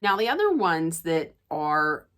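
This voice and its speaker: A woman's voice: low voice, very animated, measured pace, fairly bright tone. Chatty woman vlogging to camera. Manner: chatty and rambling, many restarts. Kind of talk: casual chat to camera.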